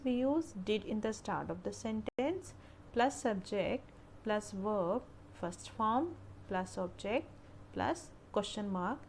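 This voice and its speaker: A woman's voice: medium pitch, darkish tone, a little hiss or hum. A woman teaching English grammar, reading out rules and verb lists as careful drills. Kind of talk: slow grammar lesson narration.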